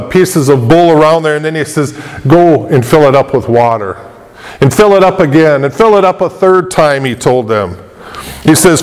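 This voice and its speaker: A male pastor preaching a sermon, asking rhetorical questions and repeating his points for emphasis. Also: on the high side. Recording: long hall reverb.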